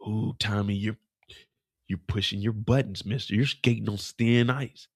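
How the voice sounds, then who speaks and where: A man voicing a menacing middle-aged detective who makes quiet, low threats. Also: steady tone, moderate pace, no room sound, studio quality. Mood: threatening.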